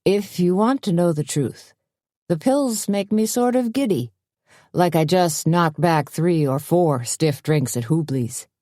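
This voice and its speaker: A woman's voice: lowish voice, lively intonation, a little slow, mellow, no room sound, clean studio sound. Woman voicing a goofy, slangy dim-witted man. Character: dim-witted drawling man with a broken leg.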